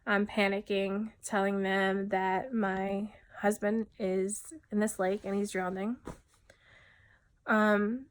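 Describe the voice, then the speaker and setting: A woman from New Jersey giving a personal testimony, speaking haltingly and often dropping quiet. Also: medium pitch. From New Jersey, USA. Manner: halting, many fillers and restarts, often drops soft.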